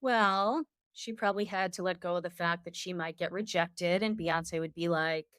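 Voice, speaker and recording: A woman's voice: fairly low pitch, normal speed, a bit bright, clear, resonant tone, dry recording. A woman co-hosting a podcast, chatting in an upbeat way with short, agreeing replies. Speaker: podcast co-host. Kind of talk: casual podcast chat.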